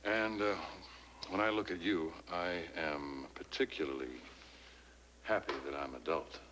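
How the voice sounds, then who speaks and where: An actor playing a charming, flirtatious gentleman suitor who talks in a smooth, easy way. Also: deep voice, a little slow. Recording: hissy old TV broadcast recording.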